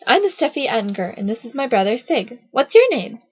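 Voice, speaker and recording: A young girl who pleads and coaxes, read by a woman from a storybook. The voice is husky and breathy, heard close and dry on a dull recording. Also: on the high side, sing-song, a little fast, a little mellow, dry recording. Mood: coaxing. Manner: pleading, coaxing.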